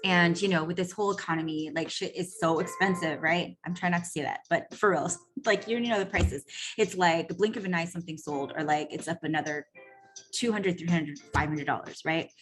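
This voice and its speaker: A woman coach telling a story in a casual, profane monologue, animated and full of "like" and "right?". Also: lowish voice, brisk, music in the background. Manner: animated, acts out quoted voices. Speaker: personal growth coach.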